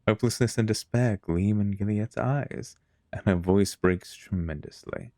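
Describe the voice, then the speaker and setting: A man's voice: fairly low pitch, a little slow, dark tone, no room sound. A man streaming a video game, reading its text aloud with casual chatty asides.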